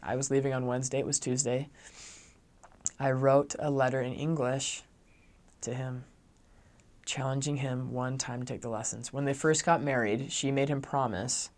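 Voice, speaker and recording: A man's voice: medium pitch, little pitch movement, moderate pace. A young man, a returned missionary, telling a personal story earnestly and acting out the dialogue of the people in it. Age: young adult. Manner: earnest, acts out quoted dialogue.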